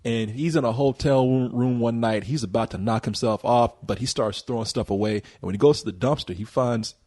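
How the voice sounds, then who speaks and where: Husky guy, movie review podcast host, joking plot recap, laughs a lot. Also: mid-range voice, fairly quick, darkish tone. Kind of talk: casual movie review chat.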